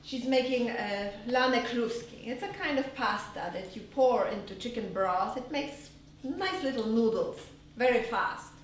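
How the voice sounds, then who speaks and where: A woman performing an earnest solo theater monologue, recorded live on a small stage. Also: a little high. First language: Polish. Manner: earnest storytelling, measured. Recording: live stage, roomy hall from far off, faint noise.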